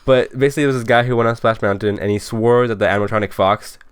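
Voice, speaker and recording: An eighteen-year-old man co-hosting a casual podcast, telling profane stories at a rapid clip. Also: on the low side, fairly even intonation, clean tone, no echo. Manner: rapid, profane anecdotal storytelling. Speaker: podcast co-host.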